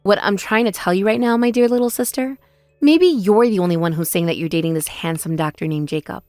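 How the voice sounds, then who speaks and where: A woman voicing a wronged older sister who answers in a measured, pointed way in a text-message story drama. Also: mid-range voice, dry recording, studio quality, soft background music, natural voice. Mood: sarcastic. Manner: measured, pointed, quietly sarcastic.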